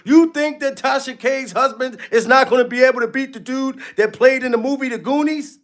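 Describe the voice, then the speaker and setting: A commentary channel host with a very high voice runs a gossip commentary vlog, speaking briskly with few pauses. He's dramatic and addresses his viewers directly.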